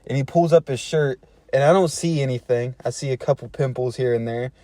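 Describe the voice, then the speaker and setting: A man's voice: medium pitch, brisk, dark tone, no echo. A man telling a funny personal story in a laid-back, slangy way, chuckling between phrases. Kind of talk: casual storytelling.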